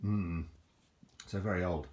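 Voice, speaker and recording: A man hosting a casual home video, talking in a halting, rambling way with many restarts and self-mocking jokes. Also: low voice, a little mellow. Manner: drops into mock Aussie slang for fun. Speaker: video host showing an object. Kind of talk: casual rambling show-and-tell. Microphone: handheld camera, filming one-handed.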